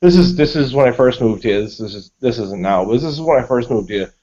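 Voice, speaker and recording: A man from Massachusetts telling stories on a group video call, animated and full of swearing. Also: mid-range voice, brisk. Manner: profane, animated storytelling. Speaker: panelist. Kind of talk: casual storytelling on a group call. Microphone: online video call. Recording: dull lo-fi call audio.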